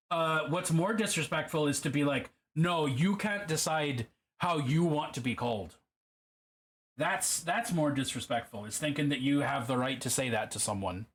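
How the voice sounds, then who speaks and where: A man hosts a miniature-painting livestream in a deliberately put-on Irish accent. His voice sits a little high for a man. He chats loosely and swears freely as he answers viewers. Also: fairly bright tone. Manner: chatty and profane, reading and answering chat. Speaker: livestream host. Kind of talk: casual chat while miniature painting on a livestream.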